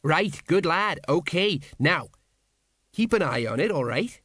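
A man's voice: on the high side, very animated, a little slow, sharp tone, slightly rough, dry recording, studio quality, voice pushed up, full character voice. A man reading aloud, voicing a boastful, blustering older sergeant who wheezes and grunts with effort. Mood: strained.

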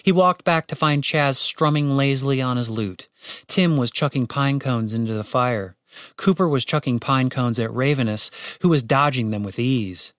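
A man narrating a fantasy audiobook in a steady, wry storytelling way, with casual swearing. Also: medium pitch, moderate pace, no room sound, studio quality.

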